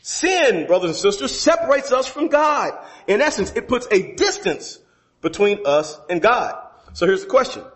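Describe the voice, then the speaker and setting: A high-voiced man preaching to his congregation. He keeps asking them questions and leaps upward for emphasis before sinking back down low. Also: fairly bright tone. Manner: preacherly, rises sharply for emphasis then drops low; engages the congregation with rhetorical questions. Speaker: pastor. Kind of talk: sermon.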